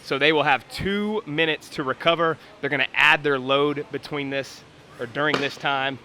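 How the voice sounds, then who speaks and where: A man's voice: a little high, fairly even intonation, moderate pace, pushed and bright, a little hiss or hum. A man coaching and commenting live on a workout in a gym, explaining technique and calling out times.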